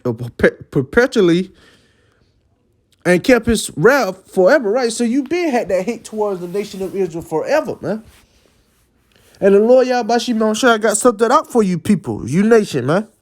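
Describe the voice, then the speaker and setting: A man giving a religious lesson in an emphatic preaching style. He often ends phrases with "man" and sometimes stumbles and repeats words. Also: sits high. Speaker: religious teacher.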